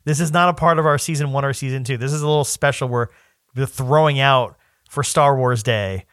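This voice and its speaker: A man co-hosting a podcast in casual chat, rambling and restarting his sentences, often breaking into animated quoted asides. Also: mid-range voice, brisk, clean tone, dry recording, studio quality. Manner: rambling, self-interrupting, animated quoting. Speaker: podcast co-host.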